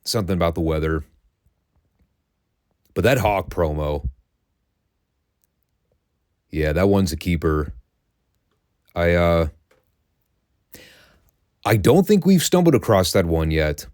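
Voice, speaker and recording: A deep, low-voiced man hosts a casual podcast, recounting old events with sardonic, profane amusement. His voice sits close to the mic in a dry, dead room with no echo. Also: expressive, slow pace, pauses often, darkish tone. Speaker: podcast host.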